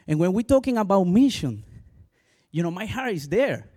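Spanish-accented pastor guy telling his story, kinda high voice, lots of "you know". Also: moderate pace. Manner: animated storytelling, full of "you know" asides. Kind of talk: personal testimony sermon.

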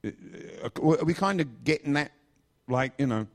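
A man's voice: medium pitch, lively intonation, normal speed. A middle-aged man from England preaching in a chatty, joking storytelling style. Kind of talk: storytelling sermon.

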